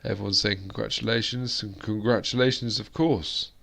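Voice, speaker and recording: A man's voice: lowish voice, fairly even intonation, moderate pace, creaky, pushed and bright. A British man hosting a live-stream chat, rambling along with plenty of fillers and restarts. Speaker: host.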